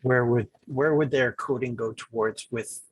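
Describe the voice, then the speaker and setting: A man's voice: mid-range voice, steady tone, unhurried, husky, no room sound, poor audio. A man asking a question at a conference session on a video call, hesitant and repeating himself.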